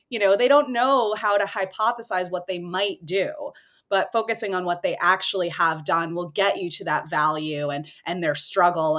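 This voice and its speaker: A woman's voice: medium pitch, fairly bright tone. A woman hosting a podcast, conversational and thoughtful as she builds on her guest's points. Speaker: podcast host.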